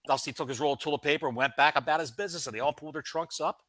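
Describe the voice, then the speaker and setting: A man co-hosting a podcast, telling a story in a casual, comic way with dramatic pauses. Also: a little high, bright, forceful tone, dry recording. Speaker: podcast co-host.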